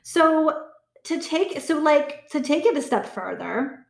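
A woman's voice: high-pitched, big pitch swings, slow pace, gravelly. A woman in her thirties talking candidly to her viewers, chatty, swearing freely and acting out her own inner voice. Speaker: vlogger. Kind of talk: casual talk to camera. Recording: echoey room.

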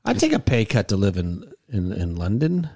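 Low-voiced man telling a rambling story. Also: huge pitch swings, moderate pace, mellow, no room sound, studio quality. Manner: rambling, repeats words, acts out quotes. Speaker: podcast host telling a story. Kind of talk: casual storytelling chat.

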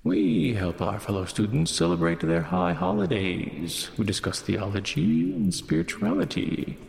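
A man voicing a towering, gentle, formal construct figure with a slow, sing-songy way of speaking. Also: lowish voice, wildly swooping pitch, vocal fry, echoey room, long reverb tail, heavily acted. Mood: serene.

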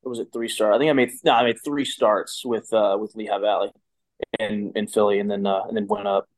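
A man's voice: lowish voice, flat delivery, fairly quick. Rambling man telling a story. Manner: rambling, many restarts and fillers. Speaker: guest, former pitcher. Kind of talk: casual storytelling.

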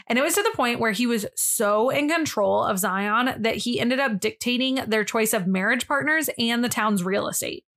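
Speaking at normal speed with few pauses, this podcast co-host has a slightly high, somewhat bright voice. She's a young woman casually recounting a history story, saying "like" constantly.

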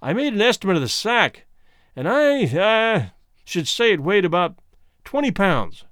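A man's voice: high-pitched, big pitch swings, fairly bright tone, no room sound, clean studio sound, voice pushed up, exaggerated voice. Mesner, a man playing a smug scheming talker. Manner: deliberate, judicial, mock-apologetic. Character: scheming, smooth-talking man, wordy and mock-polite.

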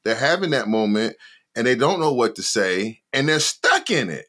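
A man's voice: medium pitch, very animated, moderate pace, sharp tone. A man co-hosting a podcast, talking in a laid-back, conversational way. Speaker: podcast co-host. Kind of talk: casual discussion.

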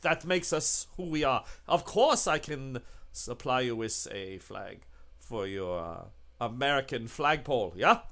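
A man voicing a pushy male shopkeeper and party zealot in a tabletop game, with halting salesman's patter. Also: medium pitch, lively intonation, fairly bright tone. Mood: salesy.

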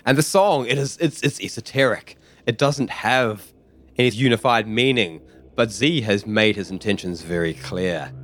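A man narrating a tabletop game as game master in a measured, descriptive way. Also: lowish voice, fairly bright tone.

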